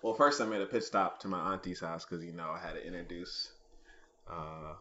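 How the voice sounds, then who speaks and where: A man's voice: low voice, a little fast, sharp tone. A man co-hosting a podcast, telling a story in a rambling casual way with lots of ums and uhs. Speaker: podcast co-host. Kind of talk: casual chat. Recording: muffled lo-fi podcast recording.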